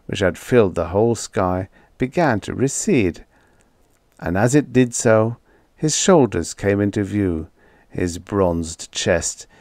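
A man narrating a vintage science fiction audiobook with expressive storytelling. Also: on the low side, dry recording, studio quality. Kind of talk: scripted narration.

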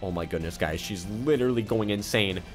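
Excitable man doing gameplay commentary. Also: lowish voice, fairly quick, soft background music. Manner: excitable, exclamatory, keeps repeating "oh my goodness"; reads other players' chat aloud in his own voice. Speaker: YouTuber gaming host. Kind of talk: let's-play gameplay commentary.

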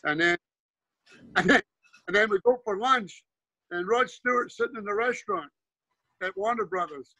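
Bright high-voiced older Scottish man. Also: animated, normal speed, long pauses, no echo, rough recording. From Scotland. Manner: rambling anecdotes with frequent restarts and "you know". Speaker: guest, former pro player and coach. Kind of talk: casual storytelling interview.

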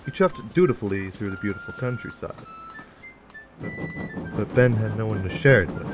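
A man narrating a children's storybook in an expressive, lively storytelling manner. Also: lowish voice, normal speed. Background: music.

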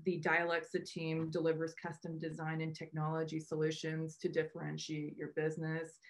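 A woman co-founder hosting a meetup on a video call, chatting in a loose, rambling way with many restarts. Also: deep voice. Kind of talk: casual welcome remarks on a video call.

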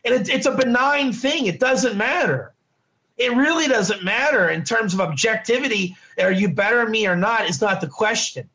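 High, gravelly man teaching casually. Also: expressive, moderate pace, pushed and bright. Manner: conversational, repetitive, asks "right?" often. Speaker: Torah teacher. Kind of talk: informal classroom lesson.

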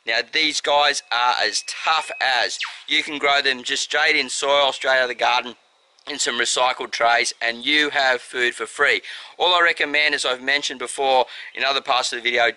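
A man's voice: medium pitch, pushed and bright, poor audio. A man with an Australian accent hosting a casual gardening vlog, chatty and enthusiastic, addressing viewers as his friends. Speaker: gardening channel host.

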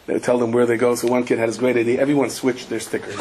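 A man, a rabbi, giving a Torah class in a lively anecdotal storytelling manner. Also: medium pitch, a little fast, a crowd in the background.

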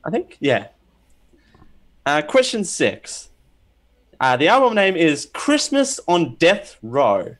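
A man hosts a podcast quiz with a lively, up-and-down voice that sits a little high. He jokes around and laughs often, and trips over his words now and then while reading. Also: takes it slowly, pauses often. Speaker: podcast host running a quiz. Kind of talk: casual podcast banter.

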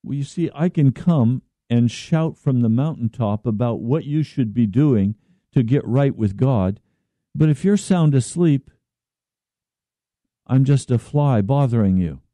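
A man preaching a slow, earnest radio sermon as pastor, at times pleading in prayer. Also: medium pitch, animated, warm tone, dry recording.

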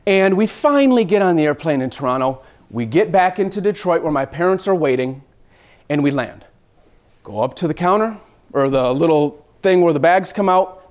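A man telling a personal travel story, acting out scenes with lively shifts and the occasional swear word. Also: high-pitched.

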